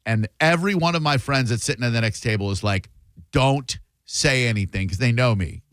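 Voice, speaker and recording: A man's voice: medium pitch, fast talker, no echo, studio quality. A man hosting a radio talk show, telling stories casually and acting out the voices in them. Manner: animated, acts out voices in his stories.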